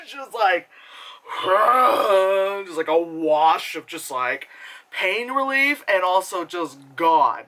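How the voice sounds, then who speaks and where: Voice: mid-range voice, lively intonation, bright, forceful tone, rough recording. A movie reviewer talking casually and rambling, with lots of fillers, swearing and frequent laughter. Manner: laughs often, does quick impressions. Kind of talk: casual spoken film review.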